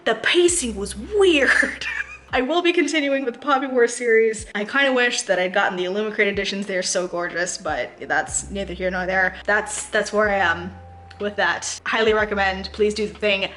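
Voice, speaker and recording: A young woman chatting to camera about books she read, talking in quick asides and laughing often. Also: mid-range voice, fairly bright tone, a little hiss or hum. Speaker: book vlogger. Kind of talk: casual chat to camera.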